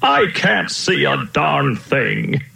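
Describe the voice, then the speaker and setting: A man's voice: fairly high pitch, very animated, extremely slow, creaky, sharp tone, a little hiss or hum, voice pushed up, exaggerated voice. A man voicing a fussy, whiny old elephant king who wails for help, in a roomy-sounding recording. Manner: whiny, wailing. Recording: roomy echo.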